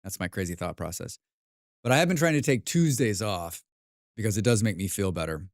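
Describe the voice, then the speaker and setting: A man's voice: fairly low pitch, lively intonation, brisk, no room sound, studio quality. An American man chatting casually while streaming a game, rambling and swearing with self-mocking asides. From United States.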